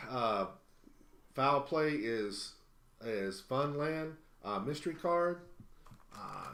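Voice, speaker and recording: A man's voice: medium pitch, fairly bright tone, roomy sound. A man hosting an online auction stream, chatting casually and rambling through a list of prizes with many fillers, a little out of breath. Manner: rambling, lots of fillers while listing items. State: slightly out of breath. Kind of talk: casual live-stream chat.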